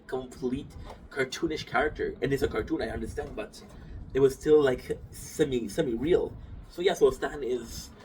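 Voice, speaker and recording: A man's voice: mid-range voice, a little mellow. A man talking casually about a figure from his collection, rambling, restarting sentences and swearing freely. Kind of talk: casual rambling talk to camera. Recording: distant mic with noisy room ambience.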